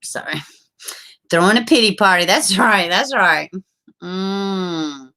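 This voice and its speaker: A woman's voice: mid-range voice, slow pace, pushed and bright. A woman, hosting a casual livestream, chatting with viewers, laughing often and swearing freely. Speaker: livestream host reading viewer comments.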